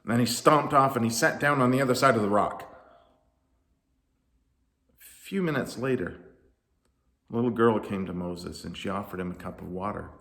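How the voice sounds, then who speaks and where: A man narrating a children's story in a lively, animated way. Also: fairly low pitch, normal speed, long pauses. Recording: roomy echo.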